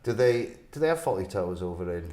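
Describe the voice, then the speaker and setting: Teasing Welsh interviewer. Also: male voice, low-pitched, lively intonation, fast talker, warm tone. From Wales. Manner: teasing, friendly questions. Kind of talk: casual interview chat.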